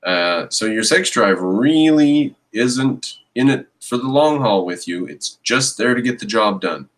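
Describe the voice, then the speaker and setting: A man's voice: medium pitch, lively intonation, unhurried, poor audio. A man giving reaction commentary on a video clip, ranting with exasperated, mocking scorn.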